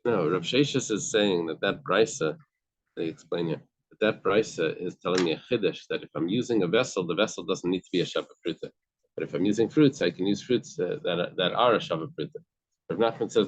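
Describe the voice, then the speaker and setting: A man's voice: low-pitched, fairly quick. A man teaching a casual Talmud study class, explaining step by step with everyday examples and frequent restarts. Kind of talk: casual study-group lesson.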